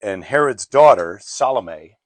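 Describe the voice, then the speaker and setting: A man in a casual chat, telling an old story with irreverent jokes at a middle pitch. His voice is dry and close, with no room sound around it. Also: lively intonation, unhurried, no echo. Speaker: show host.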